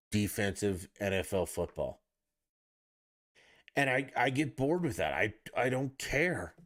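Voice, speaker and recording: A man's voice: fairly low pitch, fairly bright tone. A man hosting a solo podcast, ranting about sports in an exasperated, profane way. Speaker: podcast host.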